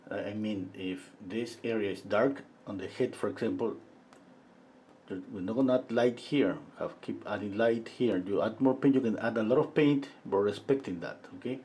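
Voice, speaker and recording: A middle-aged man giving a live painting lesson, thinking aloud as he works, pausing often and chatting with viewers between steps. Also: fairly low pitch. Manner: relaxed, thinking aloud while he paints, with frequent pauses and fillers. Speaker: painting instructor.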